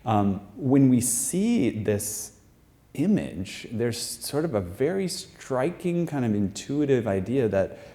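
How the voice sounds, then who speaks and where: Speaking slowly but very animatedly, this American man has a mid-range voice with a dark tone. He's on a performing arts center stage presenting his research to a live audience, explaining patiently and often using fillers and starting over.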